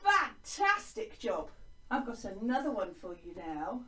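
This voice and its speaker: A woman's voice: mid-range voice, big pitch swings, unhurried, sharp tone, roomy sound, distant mic. A woman with an English accent teaching young children in an online lesson, in a sing-song, encouraging way that is exaggerated for small children. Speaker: primary school teacher.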